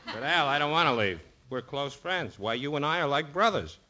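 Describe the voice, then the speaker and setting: A man's voice: fairly high pitch, expressive, normal speed, pushed and bright. A man playing the pianist sidekick in a 1940s radio comedy, wry and a bit pompous. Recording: dull old radio broadcast.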